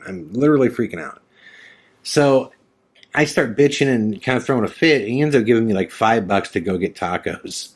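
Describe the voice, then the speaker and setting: A middle-aged man with a fairly low voice hosts a podcast and tells a long, rambling story. He acts out both sides of conversations and swears casually as he goes. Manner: rambling anecdote full of quoted dialogue and swearing. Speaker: podcast host.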